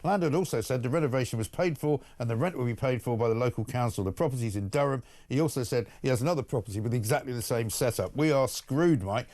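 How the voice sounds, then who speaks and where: Fast-talking blunt male talk host. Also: medium pitch, darkish tone. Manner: blunt, indignant, opinionated. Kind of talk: opinionated morning talk, reading listener messages.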